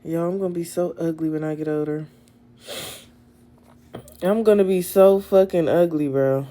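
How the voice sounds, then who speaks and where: A woman's voice: lowish voice, big pitch swings, slow, long pauses, warm tone. A young woman hosting a casual livestream on her phone, talking bluntly to her viewers with plenty of swearing and exasperation. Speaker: livestream host. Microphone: phone camera.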